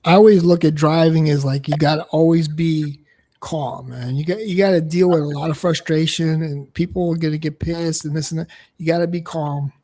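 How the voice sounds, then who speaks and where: A man's voice: a little high, steady tone, normal speed, dark tone. A man in casual panel chat, talking in a laid-back, advising way. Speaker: podcast panelist.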